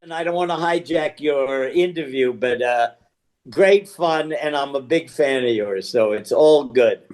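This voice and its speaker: A man's voice: mid-range voice, unhurried, darkish tone. An older man, a guest actor, telling casual stories and acting out the voices of the people he quotes. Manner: chatty storyteller, acts out quoted voices.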